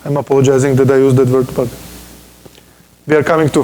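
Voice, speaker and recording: A man's voice: mid-range voice, level tone, fast talker, warm tone, slight background noise. A man who is not a native English speaker, lecturing on physics in an informal, joking way and often checking in with "okay?". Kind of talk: university lecture. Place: lecture room.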